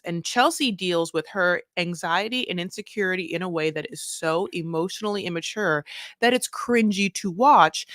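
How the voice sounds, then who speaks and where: A woman's voice: lowish voice, a bit bright, dry recording, clean studio sound. A woman co-hosting a casual reality-show recap podcast, delivering opinionated run-on rants with casual swearing. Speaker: podcast co-host.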